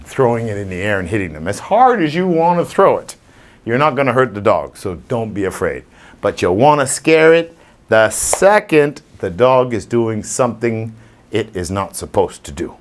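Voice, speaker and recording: A man who trains dogs, talking informally to a live audience and acting out scenes with little voices. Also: mid-range voice. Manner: animated, acts out scenes with voices. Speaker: dog trainer.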